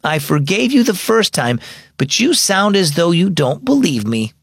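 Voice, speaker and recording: Male narrator doing a high, earnest little girl for a kids' audio story; bouncy lilt. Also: big pitch swings, normal speed, gravelly, husky, no room sound, studio quality, full character voice. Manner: raised, childlike delivery. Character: young girl, earnest and sweet.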